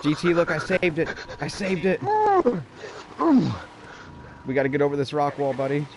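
A man streaming a game with friends, reacting loudly and excitedly to the action. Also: on the high side, moderate pace, a little hiss or hum. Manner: excitable, yelling play-by-play reactions. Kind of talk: casual gaming chat.

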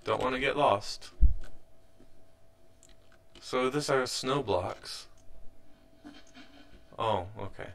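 Bright-voiced young man narrating gameplay. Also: mid-range voice, extremely slow, gravelly, pauses often. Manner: rambling, self-correcting, mildly frustrated. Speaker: let's play host. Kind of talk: casual gameplay commentary.

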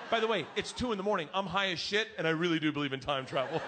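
A man telling a stand-up story about his daughter, animated and shouting his punchlines. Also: high-pitched, a little fast, background noise. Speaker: stand-up comedian.

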